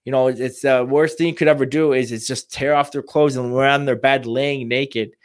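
A man who works in home care, giving informal advice to families and talking in halting bursts full of restarts and fillers. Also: mid-range voice, fairly even intonation, dry recording, studio quality. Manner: halting, many restarts and "you know" fillers.

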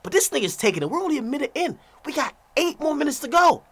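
A man streaming a reaction video, ranting profanely with loud asides. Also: very high-pitched, sing-song, quick pace.

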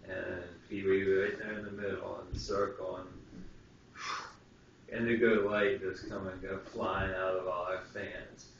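Low-voiced man telling a spiritual story, echoey room. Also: a little slow, gravelly. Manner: animated storyteller, acts out quoted voices. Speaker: co-host. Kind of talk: casual spiritual talk show chat. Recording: distant, roomy, dull lo-fi sound with hiss.

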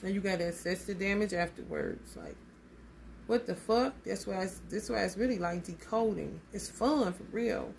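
A woman's voice: fairly low pitch, vocal fry, a little hiss or hum. A woman giving a casual tarot reading in a blunt, emphatic way, swearing freely and calling her listeners honey. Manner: emphatic and animated. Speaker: tarot reader.

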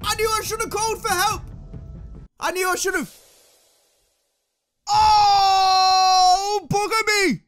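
A man commentating his own gameplay in an excitable, self-mocking way, swearing as he goes. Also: very high voice, fairly quick, pauses often, soft background music. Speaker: gaming commentator. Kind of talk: let's play commentary.

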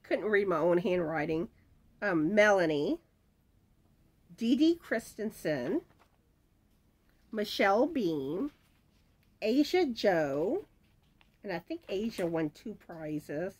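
In a medium, sing-song voice with a darkish tone, a woman runs through giveaway winners on her crochet channel. She reads out viewer comments in a chatty, unhurried way, talking to herself in asides while her voice starts giving out.

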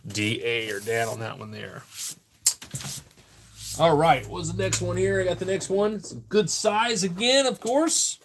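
A man's voice: high voice, lively intonation, unhurried, a little hiss or hum. A man hosting a live online auction, calling out bids steadily with casual asides in between.

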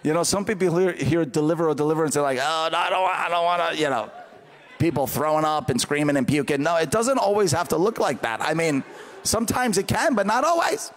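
A man preaching a revival sermon, telling a story in a lively way and building to shouted fervor. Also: on the high side, fairly quick, in a large hall. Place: large church auditorium.

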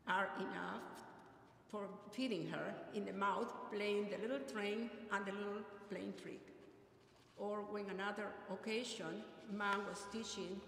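A middle-aged woman gives a heartfelt eulogy in an earnest, measured way. Her mid-range voice rings out through an echoey hall with a long reverb tail, and faint ambient noise sits underneath. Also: mid-range voice, a bit bright. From Peru. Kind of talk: memorial eulogy.

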